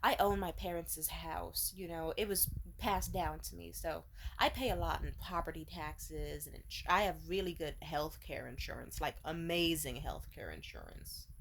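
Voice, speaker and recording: A woman putting on a smug man who brags about his house and insurance in a lowered, slow drawl. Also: vocal fry, a little hiss or hum. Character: smug middle-aged man bragging about money.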